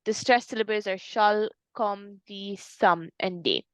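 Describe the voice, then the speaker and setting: A woman tutor talking a student through a poem, explaining with everyday fillers and restarts. Her voice is dry and close, with no room sound. Her pitch sits in the middle. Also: unhurried, no echo. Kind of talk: online tutoring lesson.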